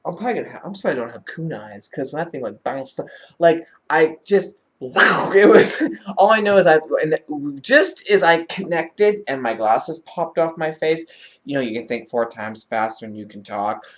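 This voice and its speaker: A woman vlogger telling a story in a casual, animated way and laughing as she talks. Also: deep voice, moderate pace.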